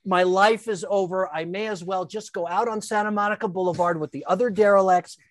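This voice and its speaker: Brisk and mid-range, this older woman's voice comes across close and dry, without any room sound. As a talkative guest sharing a casual story, she trips over her words, stammers into fresh starts and performs the lines she quotes with gusto.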